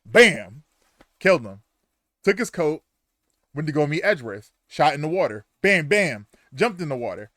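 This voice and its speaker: A man's voice: on the high side, very animated, moderate pace, fairly bright tone, no echo, clean studio sound. A young man streaming a game live, chatting casually and crudely and retelling events animatedly. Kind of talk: live gameplay commentary.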